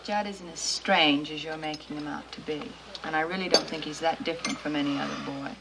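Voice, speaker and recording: An earnest young woman in a 1950s film, reproachful and defending a friend in a lowish voice. The old soundtrack has a clear hiss under it. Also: fairly even intonation, fairly quick.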